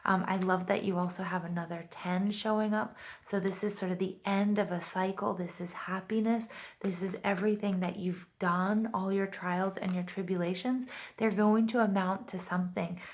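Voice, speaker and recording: A woman's voice: lowish voice, slight background noise. A woman giving a casual, reassuring tarot reading to her viewers, talking in a chatty way full of "you know" and "like". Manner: chatty, upbeat, many fillers like "you know" and "like"; reassuring, addresses viewers directly. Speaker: tarot reader.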